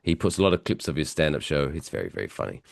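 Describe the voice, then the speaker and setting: Male podcast co-host, very deep and lively in pitch, rambling and joking, voice going hoarse, dry close mic. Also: rapid-fire, no echo. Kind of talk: casual podcast banter.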